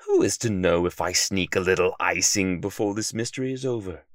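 A man voicing a loud, impulsive male detective who exclaims and stammers dramatically. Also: sits low, fairly quick, dry recording, clean studio sound, natural voice. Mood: dramatic.

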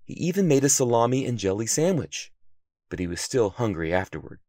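A man narrating a children's story in an expressive, animated reading voice. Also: mid-range voice, a little fast, no room sound, clean studio sound.

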